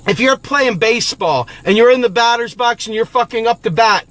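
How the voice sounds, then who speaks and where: Fiery, profane man with a high voice. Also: brisk, fairly bright tone, no room sound. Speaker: political activist host. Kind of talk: impassioned political monologue.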